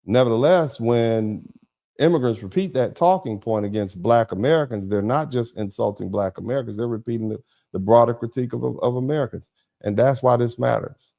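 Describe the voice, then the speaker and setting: With a gravelly, dark, medium-pitched voice, this commentary broadcast host runs a political livestream at a fairly quick pace, hammering points home through emphasis and heavy repetition.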